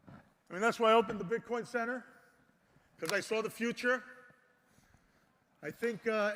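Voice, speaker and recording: A man giving an impassioned conference speech, exhorting the crowd and swinging between loud and soft. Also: high voice. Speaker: conference speaker. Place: large conference hall. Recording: long hall reverb.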